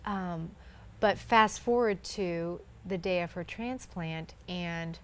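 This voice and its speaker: A woman's voice: lowish voice, slow. A woman in her thirties, a guest in a conversation, telling a personal faith story earnestly and acting out what others said.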